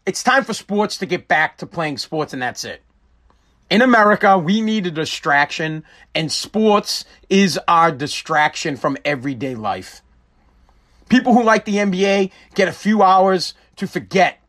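A man's voice: high voice, expressive, unhurried, a bit bright. A man hosting a casual live-stream talk show, rambling and joking with frequent swearing. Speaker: show host.

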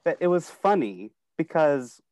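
A man's voice: a little high, a little slow. A man co-hosting a podcast, ranting casually with lots of "like". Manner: animated, frustrated ranting with frequent "like". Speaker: podcast co-host. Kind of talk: casual chat.

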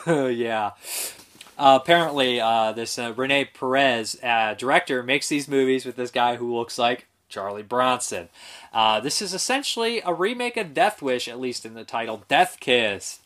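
A man reviews movies in a loose, off-the-cuff way, full of fillers and restarts. He speaks frankly and curses now and then, at an ordinary middle pitch for a man. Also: unhurried, a bit bright. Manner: rambling, frank, swears, many fillers. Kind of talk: casual spoken review.

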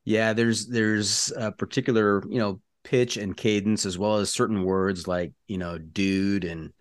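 A man's voice: fairly low pitch, steady tone, unhurried. A man in his forties from Southern California hosting a casual podcast interview, asking easygoing questions. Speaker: podcast host.

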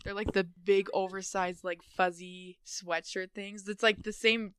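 A woman's voice: medium pitch, level tone, a little slow, fairly bright tone, slight background noise. A young woman with an Upper Midwest American accent hosting a casual chat, giggly and chatty, with plenty of fillers. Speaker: podcast host.

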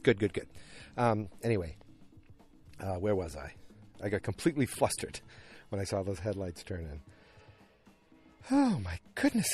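Low-voiced man rambling through a recap. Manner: rambling, animated retelling with many fillers and restarts. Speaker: podcast host recapping a TV episode. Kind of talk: casual solo podcast recap. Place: at home, alone at night.

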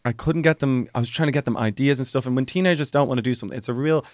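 A young Irish man co-hosting a casual podcast chat, telling stories and acting out exchanges in bright high voices. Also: very fast, no echo, studio quality. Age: young adult. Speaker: podcast co-host.

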